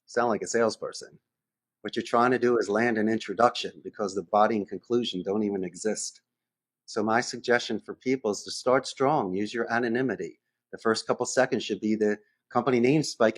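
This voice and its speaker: A man's voice: lowish voice, a little fast. A man as a podcast guest who runs a call center, talking in a conversational interview and acting out phone calls in different voices.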